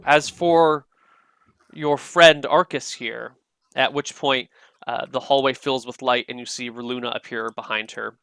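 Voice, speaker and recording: A man's voice: medium pitch, gravelly, sharp tone, clean tone, no room sound. A man narrating a tabletop game as dungeon master, describing scenes with frequent fillers.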